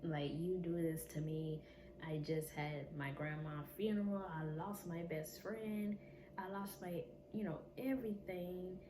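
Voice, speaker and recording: A woman's voice: lowish voice, steady tone, unhurried. A woman vlogger candidly recounting a painful personal story, emotional and blunt, with occasional swearing. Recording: echoey room with noisy ambience.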